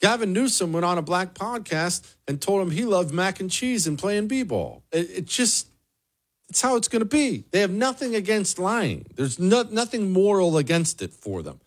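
This male political commentary host has a high-pitched voice with big pitch swings and a moderate pace. Alone on the mic, he's emphatic and sarcastic, repeating himself to drive points home.

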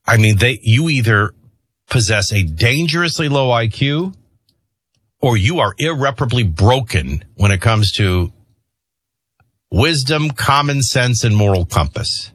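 A middle-aged man hosting a show, rambling between personal stories and opinion rants in an animated way. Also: medium pitch, a little slow, breathy edge, no echo. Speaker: host. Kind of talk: opinion monologue with storytelling.

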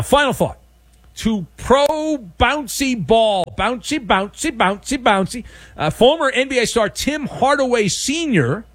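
A man's voice: on the high side, no echo. A man hosting a sports talk show, delivering a sarcastic, opinionated monologue and acting out mock exchanges. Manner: animated, sarcastic, acts out mock dialogue.

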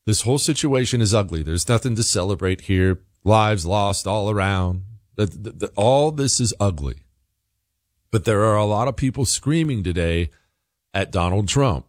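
A man's voice: fairly low pitch, animated, normal speed, no echo, clean studio sound. Emphatic male political commentator. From United States. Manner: emphatic, repeats himself. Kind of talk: opinionated monologue commentary.

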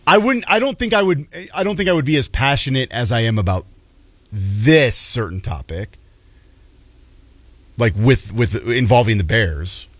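A man's voice: medium pitch, sing-song, moderate pace, a bit bright, slightly rough, no echo. A man co-hosts sports radio, teasing his partner and tripping over restarts when he is put on the spot. His mid-range voice is dry and close to the mic. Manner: hesitant, stammering restarts. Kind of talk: sports talk radio banter.

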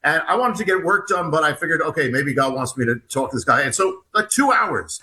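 Bright, earnest man telling a story. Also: on the high side, expressive, poor audio. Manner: earnest, halting, retells dialogue. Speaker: author and guest. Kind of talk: storytelling in conversation.

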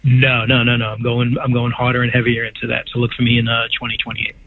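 A man's voice: medium pitch, monotone, fast talker, husky, dry recording. Enthusiastic older man on a tinny phone line. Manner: rambling, enthusiastic, repeats words. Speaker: patient guest. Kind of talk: casual phone-in chat.

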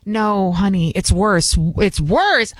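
A woman's voice: medium pitch, animated, takes it slowly, dry recording. A woman doing a coaxing older wife. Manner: coaxing, repetitive. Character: soothing wife gently waking her elderly husband.

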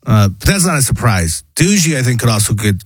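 A male co-host with a husky voice teases the others in a playful way. His voice sits at a middle pitch and sounds dry and close to the mic. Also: sing-song, fast, no echo. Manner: teasing, playful. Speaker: show regular. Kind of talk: casual talk show banter.

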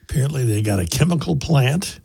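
A man in casual talk-show chat about current events, speaking in a halting way and often repeating words. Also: medium pitch, expressive, vocal fry, warm tone, husky, no echo.

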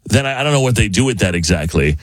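A man hosting a radio show, chatting casually and reading texts aloud in lively voices. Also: lowish voice, fast, no echo. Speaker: radio host. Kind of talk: casual on-air chat.

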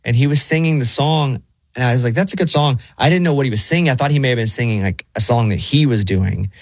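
A man hosting a radio show, asking a guest questions in a relaxed, joking way. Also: mid-range voice, fast talker, no room sound, studio quality. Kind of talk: casual interview chat.

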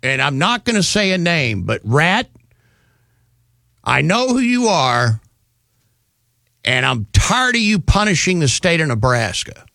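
A man's voice: on the high side, sing-song, measured pace, vocal fry, pauses often, pushed and bright, dry recording. A male radio talk show host delivering an indignant, rambling, sarcastic opinion monologue on a studio microphone.

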